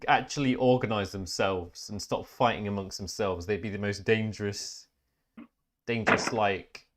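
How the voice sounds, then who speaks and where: A man's voice: on the low side, normal speed. Rambling man chatting casually. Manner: rambling, self-correcting, laughs while telling jokes. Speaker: podcast host. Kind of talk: casual chat.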